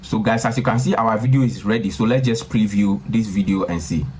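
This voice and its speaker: A man with a lowish voice hosting a screen-recorded tutorial. He talks casually, repeats himself and keeps calling his viewers guys. Faint noise sits behind him. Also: brisk, a little mellow. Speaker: tutorial host.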